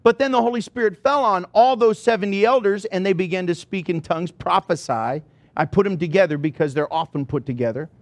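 Man, preacher, high voice, dry sound, animated sermon storytelling. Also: a little fast, no echo. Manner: animated storyteller who acts out dialogue. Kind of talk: sermon with personal stories.

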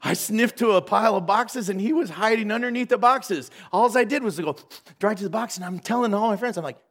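A man's voice: high-pitched, a little fast, fairly bright tone. A man preaching as a pastor, telling a story animatedly, acting out the dialogue and laughing along. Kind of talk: storytelling sermon.

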